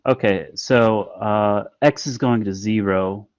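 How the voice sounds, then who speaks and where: A man's voice: on the low side, slow pace, clear, resonant tone, no room sound, highs cut off. A man explaining a math lesson in an online class, patient and step by step with frequent fillers. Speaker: math instructor. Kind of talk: online lecture.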